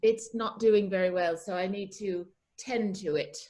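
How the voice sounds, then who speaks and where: A woman's voice: mid-range voice, measured pace, dark tone. A woman improvising a comedy scene over a video call, sassy and folksy. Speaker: improv performer.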